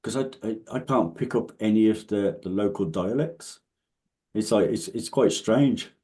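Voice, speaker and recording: British man, lowish voice, guest in a casual chat, lively storyteller who restarts a lot. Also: moderate pace. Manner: animated anecdotal storytelling with frequent restarts. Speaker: interview guest.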